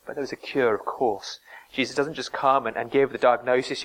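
A man's voice: medium pitch, little pitch movement, brisk, poor audio. A man preaching a sermon, earnest and emphatic, dropping to near-whispers to stress a point.

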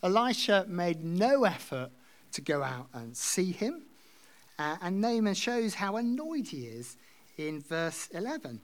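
A man's voice: high-pitched, very animated, a little slow. A man preaching a sermon, reading scripture aloud and explaining it in a conversational way. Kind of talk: expository sermon.

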